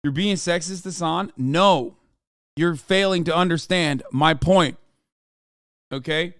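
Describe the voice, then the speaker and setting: A man streaming reaction commentary, sarcastic and profane, now and then bursting into shouts. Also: on the high side, slow pace, no echo, studio quality.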